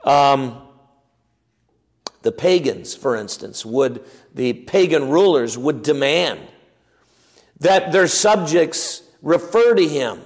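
A man's voice: a little high, lively intonation, takes it slowly, pauses often, in a large hall. A man preaching a sermon in a conversational teaching way, asking his listeners questions and often restarting with fillers and repeated words. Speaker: pastor.

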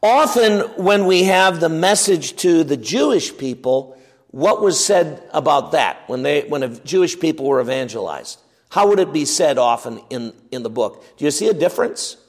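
A man's voice: on the high side, animated, moderate pace, big-room sound. A man preaching a sermon in a conversational teaching way, asking his listeners questions and often restarting with fillers and repeated words. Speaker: pastor.

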